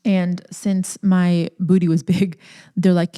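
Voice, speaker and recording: A woman's voice: lowish voice, little pitch movement, takes it slowly, mellow. A young woman hosting a podcast, telling a personal story candidly and emotionally, nervous and close to tears, with many "like" fillers. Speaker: podcast host.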